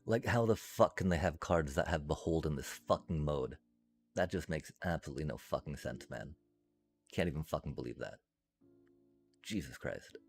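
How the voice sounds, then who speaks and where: A man with a very low, gravelly voice rants his way through a card game on stream, swearing at nearly every turn. His pitch swings widely as he vents. Faint music plays underneath. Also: lively intonation, normal speed. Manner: frustrated, swears constantly, rants. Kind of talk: casual gaming commentary.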